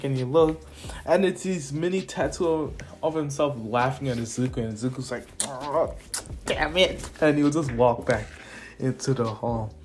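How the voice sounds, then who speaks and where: A man's voice: mid-range voice, a little mellow. A young man, the channel's host, casually narrating a fan story in a rambling, laid-back, jokey way.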